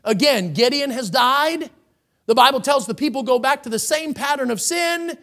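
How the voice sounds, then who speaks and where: A man preaching with lively, swinging pitch. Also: creaky. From United States. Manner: preaching with rising emphasis, reading scripture aloud. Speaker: pastor. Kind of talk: sermon. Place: church sanctuary.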